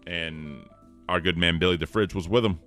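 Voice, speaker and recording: A man's voice: low voice, moderate pace, a bit bright, soft background music. A man hosting an online talk show, chatting casually and earnestly, rambling with fillers and thanking viewers. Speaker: show host.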